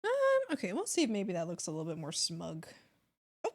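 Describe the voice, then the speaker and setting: A woman's voice: lowish voice, sing-song, brisk, dry recording. A woman streaming her art, talking to herself as she draws and singing along to music now and then. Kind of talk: casual talk while drawing.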